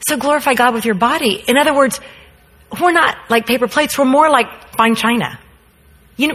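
With a husky, mid-range voice, a woman who is a mother tells a story in a sermon. She's an animated storyteller who acts out the quotes, and the recording carries a long hall reverb.

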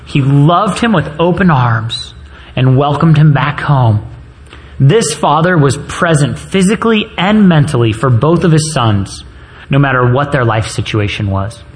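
A man's voice: mid-range voice, expressive, a little slow. A man preaching a sermon to fathers, earnest and personal, weaving in stories from his own childhood. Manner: earnest storytelling, personal anecdotes.

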